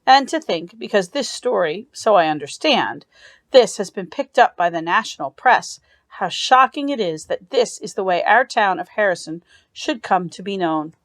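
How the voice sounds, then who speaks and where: A woman's voice: medium pitch, expressive, moderate pace, no echo, lightly acted. A woman reading the speech of a pompous middle-aged businessman, orating emphatically.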